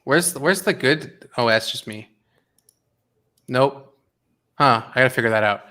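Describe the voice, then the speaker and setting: Bright-voiced young man ranting on stream. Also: medium pitch, unhurried. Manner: animated, rambling with many fillers and restarts. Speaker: streamer hosting a watch party. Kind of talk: casual livestream chat.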